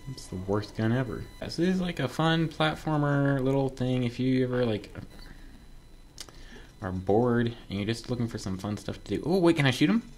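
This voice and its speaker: A man playing a platform game and commenting as he goes, excitable and joking, yelping when something surprises him. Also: mid-range voice, moderate pace, a little hiss or hum. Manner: excitable, talks to himself, yelps when surprised; joking asides to viewers. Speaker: gaming video creator. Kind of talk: casual let's-play commentary.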